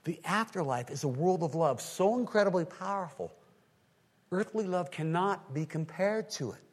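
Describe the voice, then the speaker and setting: A male pastor preaching a sermon, swinging from quiet asides to loud emphatic lines and acting out his listeners' reactions. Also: high voice, expressive, moderate pace. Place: large hall with an audience. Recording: long hall reverb.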